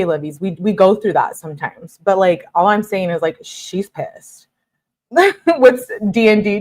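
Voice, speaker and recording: A woman commentating casually to viewers while reading out text messages, chatty and expressive. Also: on the low side. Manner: chatty, expressive, frequent "like" and laughs, addresses viewers as lovies. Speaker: true-crime commentator reading texts aloud.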